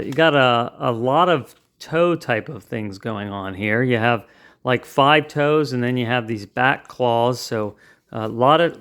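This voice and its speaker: A man's voice: mid-range voice, a bit bright. A man hosting a casual toy review, chatting and explaining the features step by step as he handles the toy.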